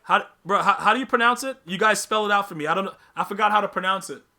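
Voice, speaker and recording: A man hosts a live podcast stream, chatting casually with viewers in a high, quick, bright, forceful voice. He uses slang, repeats himself, and teases the chat.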